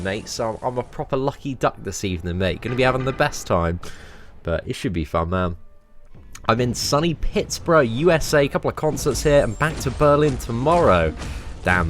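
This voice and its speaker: A young man giving casual, animated commentary on a game live stream, full of slang and talking to his viewers as mates. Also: medium pitch. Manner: animated and chatty, heavy slang, calls viewers mate and lads.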